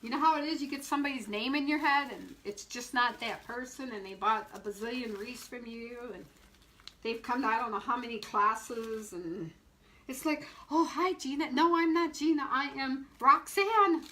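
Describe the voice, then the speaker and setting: A woman's voice: on the high side, moderate pace, pushed and bright, poor audio. A middle-aged woman and shop owner demonstrating wreath making on a live stream, chatting, laughing and greeting viewers by name as she works.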